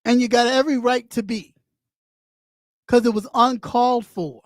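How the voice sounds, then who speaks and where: A woman's voice: fairly high pitch, steady tone, normal speed, no echo, clean studio sound. A woman streamer delivering a blunt, mocking rant full of swearing. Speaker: YouTube streamer. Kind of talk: profane rant on camera.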